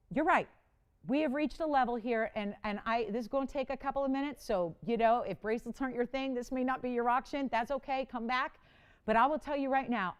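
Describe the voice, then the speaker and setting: Female shopping-channel host, bright and higher-pitched, crisp smooth delivery, animated and chatty with callers. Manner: dramatic, playful self-mocking. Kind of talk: live jewelry auction selling. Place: TV studio.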